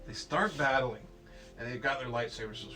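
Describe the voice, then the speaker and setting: A man's voice: medium pitch, moderate pace. A man telling a child an improvised bedtime story, playful and rambling, with silly sound effects. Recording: distant mic with faint music.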